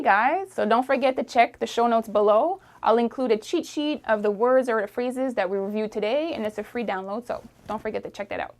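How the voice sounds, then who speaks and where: A woman teaching a French lesson, repeating phrases slowly and encouraging the learner to try. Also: a little high, darkish tone. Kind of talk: friendly language lesson.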